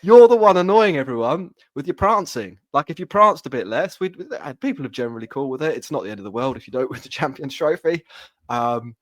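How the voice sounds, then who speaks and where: A man co-hosting a podcast in casual chat, sweary and animated, often stumbling and restarting. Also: mid-range voice, fairly quick, dry recording, clean studio sound. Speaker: podcast co-host.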